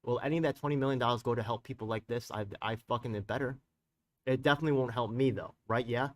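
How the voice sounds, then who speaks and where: Speaking at a medium pitch through a distant mic, a community activist hosts a live stream. He's heated and profane, rambles in street slang and keeps hitting viewers with quick tag questions.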